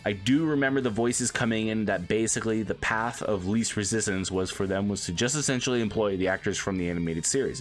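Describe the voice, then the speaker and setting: Man, low voice, reads aloud with casual reactions, faint music in background. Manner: reads quotes in put-on voices, reacts with laughs and asides. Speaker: streamer reading an article aloud. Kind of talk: reading aloud with casual asides.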